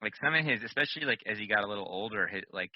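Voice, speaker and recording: A man's voice: lowish voice, animated, very fast, dry recording, muffled recording. A man co-hosting a podcast in casual chat, rambling with lots of fillers and casual swearing. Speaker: podcast co-host.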